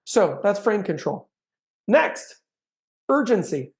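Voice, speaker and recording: A middle-aged man coaching real estate agents on closing techniques, with a gravelly, fry-edged voice. He keeps it conversational and slips into short acted-out sample lines to show how a script sounds. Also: high-pitched, very animated, takes it slowly. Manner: chatty, acts out sample sales lines. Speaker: sales trainer. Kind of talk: conversational training talk.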